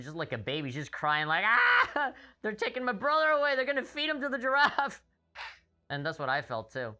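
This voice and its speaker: A man's voice: on the high side, pushed and bright. A young man streaming a rhythm game, telling a rambling, profane story. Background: faint game music.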